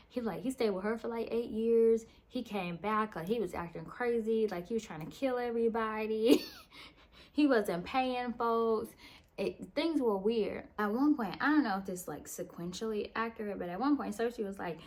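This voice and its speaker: A woman's voice: mid-range voice, expressive, moderate pace. Casting note: woman book reviewer, tired late-night chat, slangy and profane, mid-range voice. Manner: slangy, profane, meandering retelling with mimicked dialogue. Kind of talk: casual book recap.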